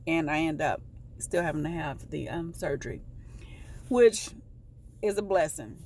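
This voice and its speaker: Low, gravelly-voiced woman telling a story. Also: lively intonation, darkish tone, slight background noise. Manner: rambling, halting, stops to correct herself. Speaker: vlogger. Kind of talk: casual storytelling to camera.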